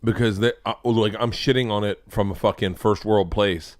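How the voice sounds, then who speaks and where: A man's voice: on the low side, normal speed, no room sound. Sarcastic, swearing man host, dry sound. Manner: animated, sarcastic, swears a lot. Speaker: show host. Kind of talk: profane comedic commentary on videos.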